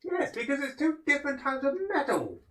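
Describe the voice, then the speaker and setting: A woman's voice: sits high, huge pitch swings, brisk, fairly bright tone. Playful British woman, roomy sound. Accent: British English. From England. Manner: playful, laughs easily. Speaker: streaming co-host. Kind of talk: casual livestream chat.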